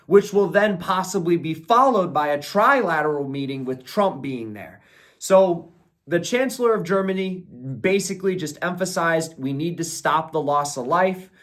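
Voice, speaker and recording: Young male commentator, slightly higher voice, blunt and opinionated, strings his points together in long run-on sentences. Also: a bit bright. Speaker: political commentator. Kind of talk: solo commentary video.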